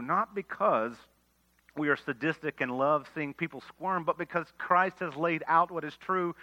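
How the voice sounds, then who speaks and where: Male pastor preaching a sermon; very bright tone, earnest, emphatic then hushed, muffled lo-fi audio. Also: fairly high pitch, normal speed. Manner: earnest preaching, swells to emphatic lines and drops to quiet asides. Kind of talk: expository sermon. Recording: dull lo-fi sermon recording.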